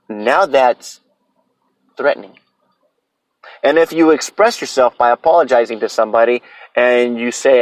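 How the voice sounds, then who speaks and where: A man's voice: mid-range voice, moderate pace, dry recording, low-quality recording. Blunt, profane man in his thirties. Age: 30s. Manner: blunt, profane, opinionated ranting. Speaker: podcast host. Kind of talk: solo podcast rant.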